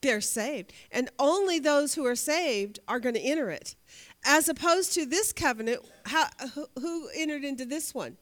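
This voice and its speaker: Lady bible teacher, kinda high voice, keeps asking the class stuff and repeating herself. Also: animated, moderate pace, fairly bright tone. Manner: asks the class questions and answers them herself; emphatic, repeats words as she thinks aloud.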